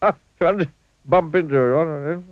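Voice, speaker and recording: A man's voice: on the high side, takes it slowly, dry recording, highs cut off, voice pushed up. A man reading a storybook aloud and voicing a jolly, giggly, accident-prone little man.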